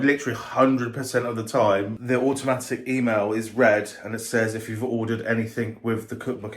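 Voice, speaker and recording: A tipsy man vlogging casually from his restaurant, chatty and rambling, often restarting his sentences into a handheld camera. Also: fairly low pitch. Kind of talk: casual vlog chat. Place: restaurant, indoors.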